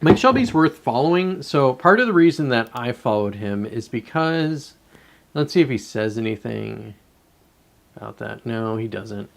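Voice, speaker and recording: A man chatting loosely to his live-stream viewers in a voice of middling pitch. He rambles, swears freely and keeps cutting himself off mid-thought to start over. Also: very animated, normal speed, creaky. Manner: rambling and profane, with many self-interruptions. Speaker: livestreamer. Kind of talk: casual live-stream commentary.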